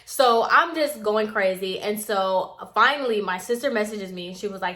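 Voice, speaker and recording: A young woman recounts a personal story to her viewers in a casual, expressive vlog. Her voice is bright and forward, set at an everyday middle pitch for a woman. She keeps filling her sentences with "like". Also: normal speed, few pauses. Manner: chatty and expressive, heavy use of filler "like". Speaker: storytime vlogger.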